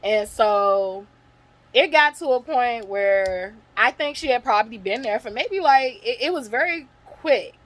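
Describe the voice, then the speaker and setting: A woman vlogger telling a personal story in a casual storytime monologue, blunt, profane and animated. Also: on the high side, unhurried, poor audio.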